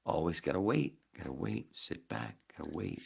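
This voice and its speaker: A man hosting a podcast, telling a story casually with lots of swearing and acting out his own shouting. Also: deep voice, moderate pace, gravelly, breathy edge. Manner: profane, animated, acts out his own shouting. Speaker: podcast host.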